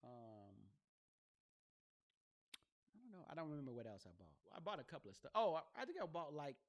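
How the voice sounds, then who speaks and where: A man's voice: on the high side, sing-song, a little fast, dull audio. A man hosting his own podcast, talking casually and rambling in slang, asking "you know what I mean?". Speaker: podcast host. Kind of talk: casual solo podcast talk. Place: home studio with a box light. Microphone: gaming headset.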